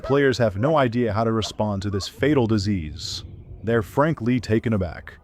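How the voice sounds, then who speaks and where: A man giving a deadpan parody sports commentary in a mock-formal tone. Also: on the low side, moderate pace, a little hiss or hum, pitched below the performer's own voice, close to an everyday voice.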